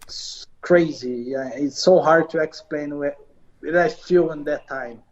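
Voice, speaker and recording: A man from Brazil with a Brazilian Portuguese accent, answering interview questions in halting, repetitive English. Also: fairly high pitch, dull audio. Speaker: professional fighter.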